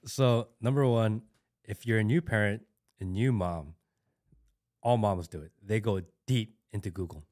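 A man with a low voice speaking as a guest on a relaxed podcast. He talks bluntly and with conviction, driving his points home by repeating key words. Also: a little slow. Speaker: podcast guest, father of an infant. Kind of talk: casual podcast conversation.

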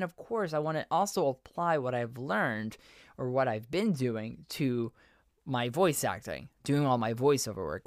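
A man's voice: mid-range voice, no echo, studio quality. A man hosting his own podcast, talking earnestly and rambling as he corrects himself mid-sentence. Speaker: podcast host and voiceover artist. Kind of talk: casual solo podcast monologue.

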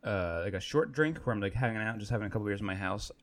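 A man's voice: on the low side, lively intonation, very fast. A man co-hosting a casual podcast, rambling easily with lots of fillers while he reviews beers. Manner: laid-back, rambling with many fillers. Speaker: podcast co-host. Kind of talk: casual chat.

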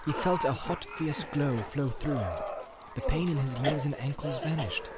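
A man reading an audiobook in steady storytelling narration. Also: on the high side, moderate pace. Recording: background noise.

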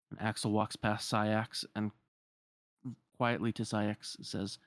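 A man's voice: lowish voice, level tone, measured pace, gravelly, dry recording, clean studio sound. Man retelling a game story. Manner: plain storytelling with fillers and restarts. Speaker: narrator.

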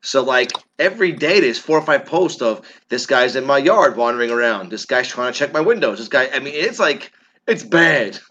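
A man's voice: mid-range voice, expressive, moderate pace, bright, forceful tone, lo-fi sound, slight background noise. A man co-hosting a casual chat, opinionated and profane, ranting about the news.

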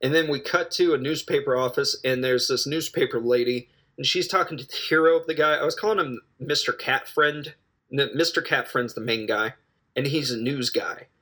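A man casually recapping a film he watched, rambling and joking with quick asides and self-corrections. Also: medium pitch, pushed and bright. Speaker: film reviewer.

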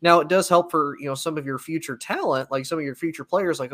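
A man's voice: fairly high pitch, quick pace, few pauses, a bit bright. A man co-hosting a sports talk show, rambling easily through his points in a casual debate. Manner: rambling, frequent fillers and restarts, easygoing.

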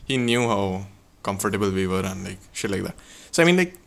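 A man's voice: fairly low pitch, animated, fairly quick, creaky. A young man from India, a podcast co-host, telling a story in casual chat and tagging sentences with "okay?". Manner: rambling, tags sentences with "okay?".

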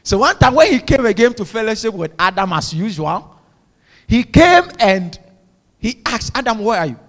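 Calling on his congregation to repeat his words, a male pastor delivers a fervent sermon in church with call-and-response exhortations. He speaks at normal speed in a high-pitched voice with big swings in pitch, and a long reverb tail lingers after him.

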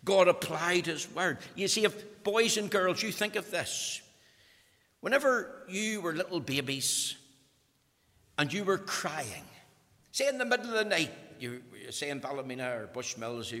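A Northern Irish man preaching a sermon, his voice rising to loud emphasis and then dropping to near-whispers. His tone is bright and forceful, a little higher than most men's, and it rings with the long reverb of a large hall. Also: expressive, normal speed.

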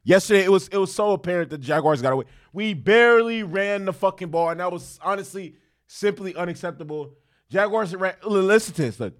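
A man's voice: high-pitched, a little fast. A young man giving a casual football recap that turns into a heated, profane rant, with many restarts and fillers. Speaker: sports commentator, football fan.

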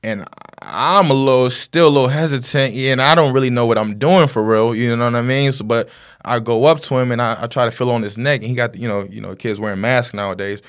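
A man's voice: medium pitch, fairly quick. A man talking as a guest, telling a story in a rambling casual way with lots of fillers and tag questions.

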